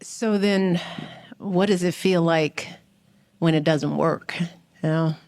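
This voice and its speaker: High-voiced, slow-speaking male interviewer. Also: steady tone. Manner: gentle, encouraging.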